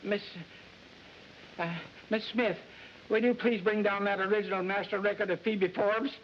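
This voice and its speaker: An actor playing a flustered record company boss who blusters and fawns in a 1940s film. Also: male voice, sits high, fairly even intonation, normal speed, natural voice. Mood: blustering. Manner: blustering, then fawning. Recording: dull old film soundtrack with hiss.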